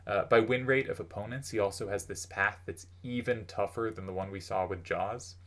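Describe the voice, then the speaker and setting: A man's voice: on the low side, steady tone, normal speed, fairly bright tone. A man talking through the history of a card game's players in a casual commentary, thinking aloud with plenty of fillers. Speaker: host.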